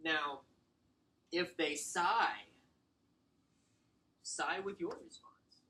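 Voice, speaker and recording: A man giving a casual sales training talk, animated and acting out client exchanges. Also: fairly high pitch, drawn-out words, rough recording. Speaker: real estate sales trainer.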